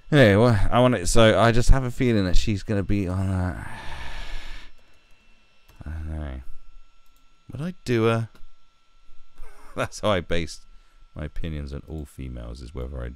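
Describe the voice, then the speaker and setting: A man's voice: sits low, animated, moderate pace, long pauses, no room sound. A British man giving casual, blunt and crude commentary from home, mocking voices as he goes. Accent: British English. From Britain. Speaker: commentary video host.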